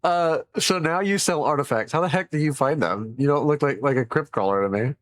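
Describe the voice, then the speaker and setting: A man's voice: fairly high pitch, brisk. A man streaming a game live, chatting casually and reading game text aloud in a rambling way.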